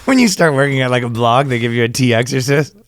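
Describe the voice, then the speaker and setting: A man's voice: medium pitch, quick pace. A man co-hosting a casual comedy podcast, laughing often and slipping into goofy voices. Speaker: podcast co-host.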